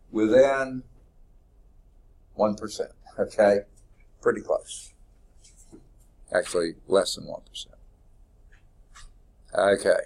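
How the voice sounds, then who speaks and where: A middle-aged man with a drawl, lecturing a calculus class. His voice sits fairly low, and he speaks unhurriedly, in a folksy way, thinking aloud and correcting himself as he works through the problems. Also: gravelly, darkish tone. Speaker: math instructor.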